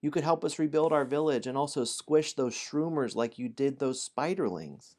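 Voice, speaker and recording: A man's voice: fairly high pitch, normal speed, warm tone, pitched above the performer's own voice, close to an everyday voice. A man voicing a small, shaken but brave gnome villager who pleads earnestly for help in a storybook adventure.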